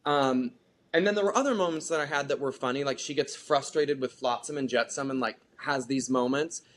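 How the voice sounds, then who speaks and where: A theater actor chatting as a guest in a casual interview, animated and talkative, with lots of filler "like". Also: medium pitch, a little fast.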